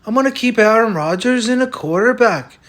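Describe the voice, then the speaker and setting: Here a man voices a boastful, stubborn character who swears he's Irish, cursing openly and talking bluntly for a comic sketch over a fantasy lineup. The delivery runs a little fast, pitched high, loud and wired, with lively jumps in tone.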